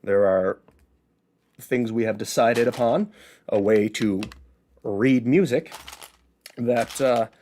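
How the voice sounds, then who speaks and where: A man's voice: mid-range voice, takes it slowly, long pauses, mellow, a little hiss or hum. A man with a Chicago accent hosting a casual solo show, chatty and explaining things by asking and answering his own questions. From Midwest, Illinois. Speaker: host. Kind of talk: casual educational monologue.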